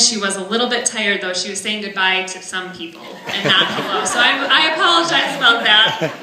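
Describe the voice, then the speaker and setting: Bright-voiced woman speaking in an echoey hall. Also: mid-range voice, a little hiss or hum. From northern Wisconsin. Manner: earnest, measured, heartfelt. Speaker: parent giving a benefit speech. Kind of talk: prepared speech read aloud. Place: large banquet hall.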